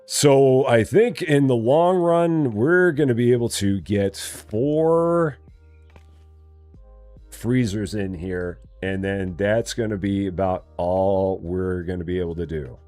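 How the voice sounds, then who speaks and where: A streamer plays a store-building simulator live, casually commenting, chatting with viewers, talking to himself and joking in mock voices. His lowish voice is slow and a little mellow, with no echo and soft background music.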